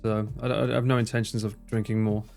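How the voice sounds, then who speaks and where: A man's voice: lowish voice, flat delivery, creaky, a little mellow, faint music behind. Rambling man chatting on stream. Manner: rambling, joking, swears freely, quick asides. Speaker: livestreamer. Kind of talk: casual chat reading stream chat.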